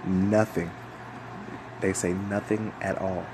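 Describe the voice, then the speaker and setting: A young man hosting a casual solo chat, rambling and swearing, with lots of fillers and animated bursts when he rants. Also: low voice, slow pace, background noise. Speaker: podcast host.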